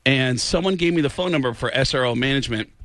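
A man's voice: medium pitch, quick pace, dry recording. A man in his forties, a comedian and guest, telling stories casually in an interview and slipping into character voices. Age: 40s. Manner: animated storyteller who slips into character voices.

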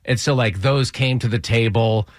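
A man's voice: mid-range voice, moderate pace, dry recording. Man, thirties, morning radio co-host, casual rambling chat, self-mocking, dry studio mic. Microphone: studio microphone.

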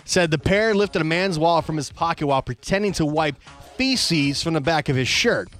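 A man's voice: on the high side, lively intonation, normal speed, fairly bright tone, faint music behind. A man hosting a radio show, chatting casually with co-hosts in a studio and teasing them. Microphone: studio microphone.

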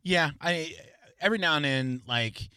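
A man's voice: on the high side, moderate pace, pushed and bright, clear, resonant tone, dry recording. Joking male radio host. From the American South. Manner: joking, loose, does silly voices. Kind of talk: casual radio talk.

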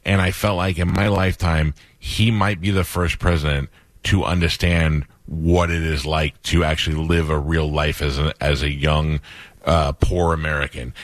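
A man from New York hosting a radio interview, prompting his guest with quick interjections and jokey asides. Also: rumbling low, little pitch movement, no echo. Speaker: radio show host. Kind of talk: casual interview chat.

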